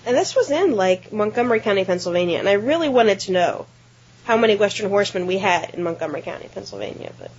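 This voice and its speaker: A woman co-hosting a podcast, telling a workplace anecdote in a casual, animated way with some offhand swearing. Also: mid-range voice, fast, slight background noise. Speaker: podcast co-host. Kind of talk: casual storytelling chat. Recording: dull lo-fi podcast audio.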